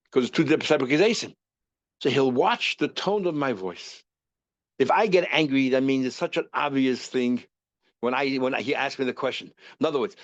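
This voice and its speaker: A man teaching a Talmud lesson, reasoning aloud in a lively way and repeating terms as he works through the logic. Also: a little high, dry recording, lo-fi sound.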